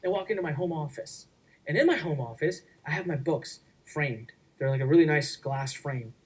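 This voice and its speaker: A man presenting a workshop, giving an energetic sales pitch in an emphatic, repetitive way. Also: normal speed, breathy edge, far from the mic, low-quality recording. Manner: emphatic, repetitive, acts out quoted voices.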